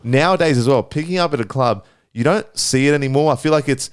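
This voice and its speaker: Brief: Australian man, 30s, resonant clear voice, rambling casual yarn with plenty of swearing. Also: mid-range voice, fast. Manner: rambling, profane storyteller. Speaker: podcast panel member. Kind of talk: casual chat.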